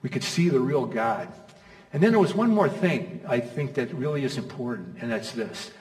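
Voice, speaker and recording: A man's voice: mid-range voice, very animated, moderate pace, darkish tone. A middle-aged man preaching a sermon in an easygoing, chatty way, firing off rhetorical questions and checking in with the crowd. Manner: conversational, stacks rhetorical questions, checks in with "okay?" and "you know?". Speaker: pastor. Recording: echoey hall, mic from far off.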